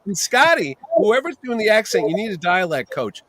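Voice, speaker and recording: A man's voice: high-pitched, sing-song, moderate pace, fairly bright tone, no room sound. A man co-hosting a casual show review, ranting in an exasperated way with some mild swearing. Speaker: podcast co-host.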